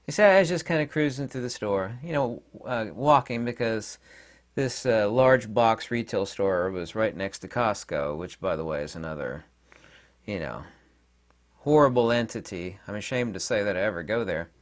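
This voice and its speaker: A man's voice: lowish voice, expressive, moderate pace. A middle-aged man hosting his own video channel, telling rambling anecdotes in a blunt, opinionated casual monologue. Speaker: video host.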